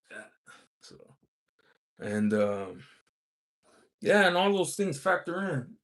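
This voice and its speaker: A man's voice: a little high, big pitch swings, slow, a bit bright. A man hosting a casual livestream, rambling with many fillers as he reads chat comments aloud. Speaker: livestream host reading chat.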